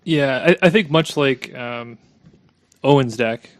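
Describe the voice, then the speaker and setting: A man co-hosting a casual game podcast, talking hesitantly and trailing off quietly. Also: medium pitch, slow pace, no echo. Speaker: podcast co-host. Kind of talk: casual gaming chat.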